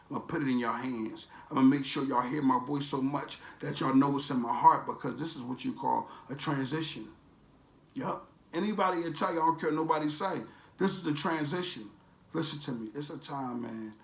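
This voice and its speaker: A man's voice: mid-range voice, creaky, roomy sound. A man ranting in a preachy, motivational way as a vlogger, with emphatic, streetwise, repetitive phrasing. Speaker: vlogger promoting a supplement.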